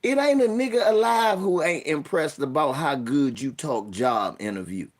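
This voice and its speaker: A young man hosting a casual livestream, telling stories with animated delivery and mock voices. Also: fairly high pitch, moderate pace. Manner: animated storytelling, puts on voices and mock formal talk. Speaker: streamer host.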